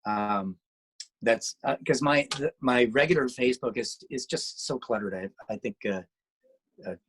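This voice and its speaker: In a rough recording with slight background noise, a man with a medium-pitched, slightly bright voice speaks unhurriedly. He's discussing his music and radio work in an interview, rambling casually with frequent restarts and fillers.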